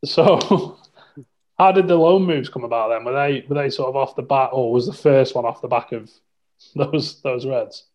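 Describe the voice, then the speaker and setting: A man hosts a casual podcast interview, asking easygoing questions. His voice sits at a middle pitch. The recording sounds slightly dull and lo-fi. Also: moderate pace. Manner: relaxed, laughs along, short prompts. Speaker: podcast host.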